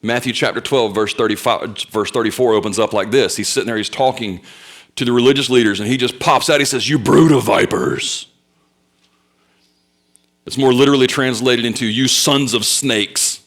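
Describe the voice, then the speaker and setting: A young man preaching a sermon, telling stories with loud bursts and quiet asides. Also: mid-range voice, fairly even intonation, fast. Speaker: pastor.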